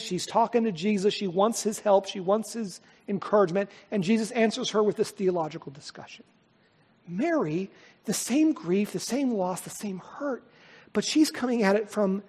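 A male pastor preaching a sermon with emphasis, moving between loud declarations and hushed, tender passages. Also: high-pitched, slightly rough. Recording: long hall reverb.

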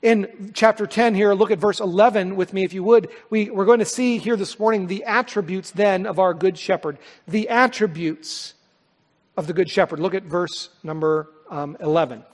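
A male pastor delivers a sermon with earnest, dynamic force, building to loud swells and then dropping into hushed pauses. His voice sits high for a man. The sound carries a long reverb from a large church hall.

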